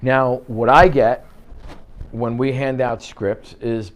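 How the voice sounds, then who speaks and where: Brief: male sales trainer at mid pitch, punchy, rhetorical, keeps asking the room "okay?", live class in an office. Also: steady tone, slow. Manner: punchy, peppers lines with "okay?" and rhetorical questions. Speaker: real estate sales trainer.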